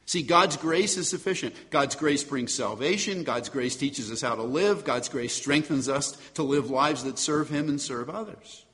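A man's voice: a little high, moderate pace, hardly any pauses, a bit bright. Man preaching in a reverberant hall. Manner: emphatic preaching with rhetorical questions. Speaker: pastor. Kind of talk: sermon.

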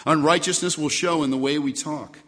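A pastor preaching a sermon, stressing key phrases with rising and falling delivery. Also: male voice, on the high side, steady tone, fairly quick, a bit bright. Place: church sanctuary. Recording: long reverb of a church hall.

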